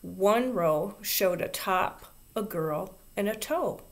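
Woman reading a kids chapter book aloud, soft and expressive, mid pitch. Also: slow. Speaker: reader. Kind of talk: storybook read-aloud.

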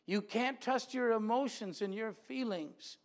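A man preaching a sermon in a church, animated, acting out quoted voices with big swings in loudness. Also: high voice, measured pace.

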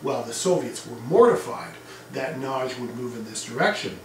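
A man's voice: mid-range voice, expressive, moderate pace, slight background noise. A man giving a casual history lecture to a class, talking in a conversational way with asides and fillers. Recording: echoey room, mic at a distance.

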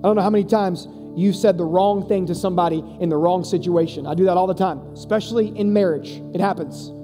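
Casual high-voiced man preaching. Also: fast, music in the background. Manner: casual, conversational, emphatic. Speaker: youth pastor. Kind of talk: sermon. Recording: long reverb of a large hall.

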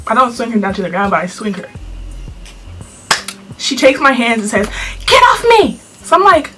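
A teenage girl telling a storytime vlog to her camera in an animated, sassy way, full of slang. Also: fairly high pitch, moderate pace, over music. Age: teens. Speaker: vlogger.

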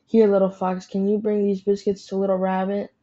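Kindly rabbit aunt, woman narrator, storybook, even and mellow, lo-fi. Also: mid-range voice, a little fast, lightly acted. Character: kind motherly female rabbit aunt.

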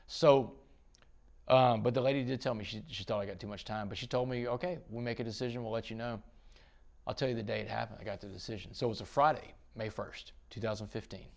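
Middle-aged man, gravelly, animated interview storyteller. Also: medium pitch. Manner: animated storyteller, quotes others, swings loud and soft. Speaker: podcast guest.

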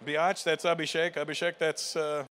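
A man's voice: fairly high pitch, flat delivery, normal speed, a bit bright, a little hiss or hum. A man doing stand-up crowd work at a live show, teasing audience members in a playful way and laughing often. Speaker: stand-up comedian. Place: large live comedy venue with audience.

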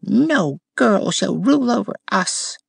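A chorus of talking roses, soft voices, high and strained, scornful, storybook audiobook. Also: male voice, lively intonation, slow pace, gravelly, slightly rough, no echo, clean studio sound, exaggerated voice. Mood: indignant. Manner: demanding and scornful. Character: chorus of proud rebellious rose subjects.

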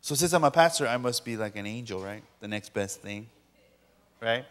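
A man's voice: mid-range voice, animated, moderate pace, fairly bright tone, long reverb tail. A man preaching a sermon as a pastor, joking playfully with his audience. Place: large lecture hall.

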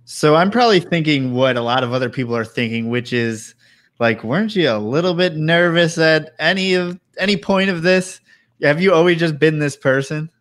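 A man's voice: a little high, moderate pace, a bit bright. A man hosting a casual interview, asking curious, conversational questions. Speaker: interviewer, host.

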